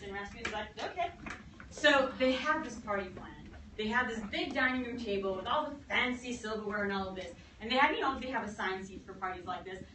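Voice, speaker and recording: A woman history teacher telling a lecture as a lively story, acting out quotes and laughing along. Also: mid-range voice, a little hiss or hum. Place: classroom. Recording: echoey classroom from far off.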